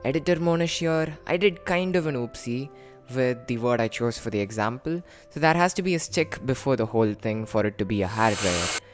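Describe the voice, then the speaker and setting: A man casually and playfully explaining his invented language, joking and jumping up in pitch for emphasis. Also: a little fast, faint music behind. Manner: jokey, animated, with sudden lifts in pitch.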